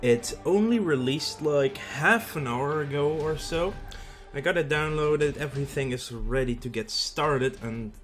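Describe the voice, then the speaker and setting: A man's voice: on the high side, a little slow, faint music behind. A Dutch man with a Dutch accent hosting a let's play, explaining the game in a casual way with frequent fillers. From Netherlands. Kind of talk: gameplay commentary.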